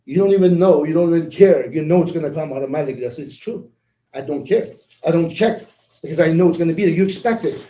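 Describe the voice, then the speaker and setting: A man giving a casual motivational talk, animated and laughing as he acts out conversations. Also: a little high, fast, roomy sound, low-quality recording. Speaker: network marketing leader.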